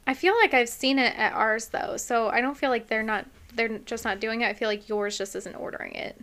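A woman's voice: on the high side, fairly even intonation, a little fast, a bit bright. A woman co-hosting a casual podcast, speaking her mind bluntly. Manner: blunt, opinionated. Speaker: podcast co-host.

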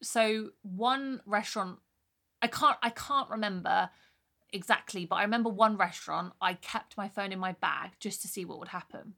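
A young woman chatting on a podcast, her voice bright and clear. She tells her stories candidly and easily, dropping in a casual swear here and there. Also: medium pitch, normal speed. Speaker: podcast co-host. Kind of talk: casual chat.

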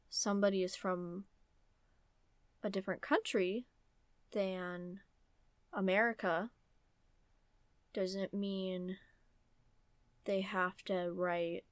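A young woman talking casually about a novel, animated and ranting, with many fillers like "like" and "um". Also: medium pitch, no echo. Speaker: book vlogger. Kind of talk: casual opinionated book talk.

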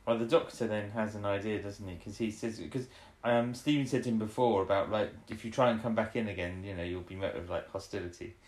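A man's voice: on the low side, fairly even intonation, darkish tone. A man co-hosting a casual chat, recapping an episode. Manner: rambling, acts out characters' lines in quick impressions. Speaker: podcast co-host. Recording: echoey room.

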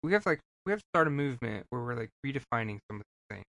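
A man's voice: mid-range voice, sing-song, rapid-fire, gravelly, bright, forceful tone. A man co-hosting a casual podcast chat, rambling with many fillers. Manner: rambling, full of fillers like "like" and "you know". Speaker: podcast co-host.

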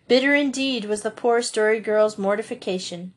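A woman's voice: fairly high pitch, moderate pace, few pauses. Woman reading a classic novel aloud. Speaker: audiobook narrator. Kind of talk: audiobook reading.

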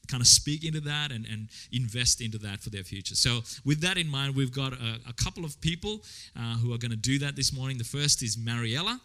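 Bright-voiced man introducing church speakers. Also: mid-range voice, brisk, hardly any pauses. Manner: informal, with fillers and restarts while he introduces speakers. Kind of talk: church service announcement.

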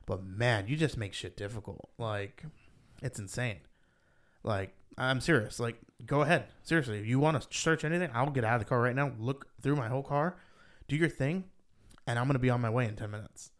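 A man co-hosting a podcast, chatting casually and rambling with lots of "like", his voice rising when he gets worked up. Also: fairly quick. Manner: rambling, heavy use of "like", rises in pitch when animated. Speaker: podcast co-host. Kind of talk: casual chat.

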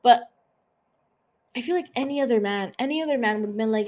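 A young woman hosting a podcast, talking quickly and casually with lots of swearing and filler words. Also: sits high, a little mellow. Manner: fast, profane, lots of "like" fillers. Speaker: podcast host. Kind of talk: casual chat.

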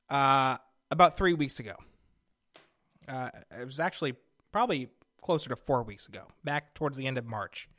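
A man's voice: fairly high pitch, fairly bright tone, no room sound. A young adult man hosting a radio show, telling a long story with fillers and rising exasperation, speaking into a studio microphone. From Connecticut. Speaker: radio host. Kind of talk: casual storytelling monologue.

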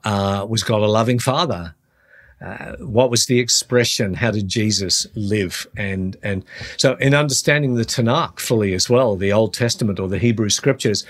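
A middle-aged man hosting a podcast, talking earnestly through a Bible teaching and slowing down on the points he wants to stress. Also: on the low side. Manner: earnest, slows down on key phrases. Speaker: podcast host, Christian teacher.

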